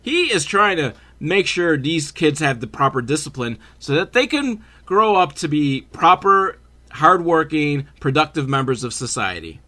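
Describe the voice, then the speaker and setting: Animated sarcastic man recapping a movie. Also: fairly high pitch, normal speed. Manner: sarcastic, swears, animated asides. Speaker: podcast host.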